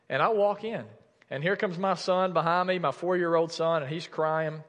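A man's voice: on the high side, steady tone, moderate pace, fairly bright tone, muffled recording. A man in his thirties preaching a sermon, telling a personal story candidly and often restarting his sentences. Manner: candid storytelling with many restarts and filler words. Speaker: pastor. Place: church sanctuary. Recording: church hall with long reverb.

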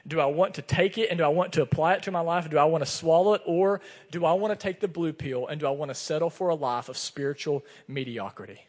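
A man's voice: fairly high pitch, fast talker, hardly any pauses. A man preaching a sermon as pastor, earnest and conversational, telling personal stories. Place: church sanctuary. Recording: long reverb of a church hall.

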